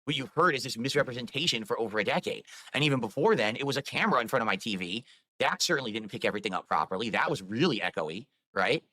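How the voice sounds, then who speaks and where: A man's voice: medium pitch, expressive, fast, sharp tone, dry recording. A man streamer talking on a live stream, explaining himself at length in a rambling, defensive way. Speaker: video game streamer.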